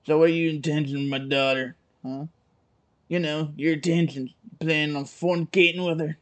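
A man putting on a brash, deep-voiced trailer-park mom. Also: fairly even intonation, moderate pace, natural voice. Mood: brash teasing. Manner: brash, teasing, nosy.

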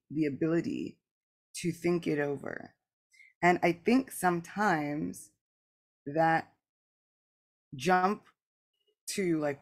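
With a lowish, creaky voice, a woman hosts a spiritual podcast in a candid, earnest and reflective manner. Casual "like" asides abound, and she often voices both people in conversations she recalls.

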